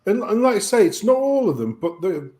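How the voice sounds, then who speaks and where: A British man in casual chat, ranting and swearing as he tells a story. His voice sits a bit high and jumps around. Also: fairly quick. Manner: profane ranting, animated storytelling. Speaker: chat show guest.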